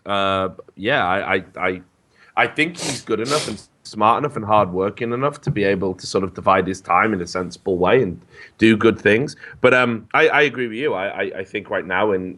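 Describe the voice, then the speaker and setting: A man co-hosting a podcast, talking in a rambling way with stammered restarts and animated stories. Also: sits low. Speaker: podcast co-host. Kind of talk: casual podcast chat.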